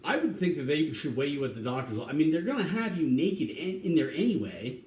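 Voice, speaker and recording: A man talking in a rambling, casual way, swearing now and then, with sudden loud bursts and some humming and scatting. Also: on the high side, big pitch swings, a little fast, distant mic. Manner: hums and scats tunes between talking. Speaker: vlogger cooking on camera. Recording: echoey room, off-mic, faint hum.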